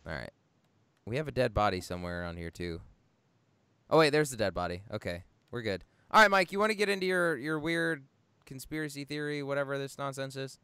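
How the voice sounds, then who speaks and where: A man's voice: mid-range voice, animated, pushed and bright, clean tone, no echo. A young man co-hosting a casual podcast, wry and teasing, often cutting in. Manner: wry, teasing, quick to interject. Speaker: podcast co-host.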